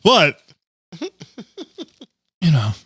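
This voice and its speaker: A man's voice: on the high side, sing-song, drawn-out words, a bit bright, breathy edge, no room sound. A man co-hosting a podcast, chatting casually and crudely, cracking jokes and slipping into goofy voices. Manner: crude, joking, trails into silly put-on voices. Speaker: podcast co-host. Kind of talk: casual chat.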